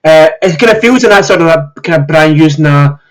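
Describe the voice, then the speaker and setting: A man hosts a casual podcast chat, his voice a little hoarse as he recovers from illness. He rambles enthusiastically, padding his sentences with filler words, and his pitch sits a touch above the average man's. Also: expressive, a little fast, rough recording. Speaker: podcast host.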